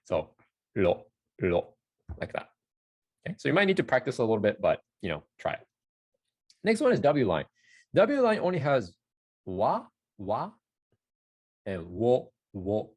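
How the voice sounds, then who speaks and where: A man teaching a casual language lesson, demonstrating each sound slowly, repeating syllables and correcting himself as he goes. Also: on the high side, a little mellow, slightly rough. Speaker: Japanese teacher.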